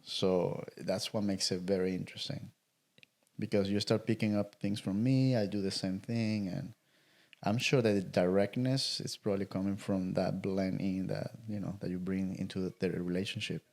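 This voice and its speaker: A man's voice: low voice, fairly even intonation, moderate pace, gravelly, a little mellow. Man, co-hosting. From Latin America. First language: Spanish. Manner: repeats words, frequent "right?" tags. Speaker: podcast co-host. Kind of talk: casual conversation.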